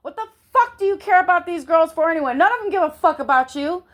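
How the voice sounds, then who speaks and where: A woman's voice: mid-range voice, sing-song, a little fast. A woman voicing a furious, profane young woman inmate who snarls threats.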